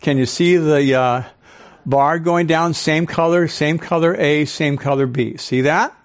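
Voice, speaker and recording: An older man giving a live lecture to an audience as a speaker and professor, animated, often quizzing listeners with questions. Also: on the high side, measured pace. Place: club hall with a live audience.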